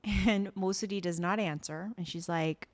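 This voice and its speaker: A woman co-hosting a podcast, recapping a drama in casual chat and acting out the characters' lines. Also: lowish voice. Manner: animated, acts out characters' lines in quick voices. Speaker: podcast co-host.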